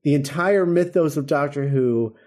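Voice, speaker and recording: Mellow-voiced man in casual chat. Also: fairly high pitch, moderate pace. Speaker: podcast co-host.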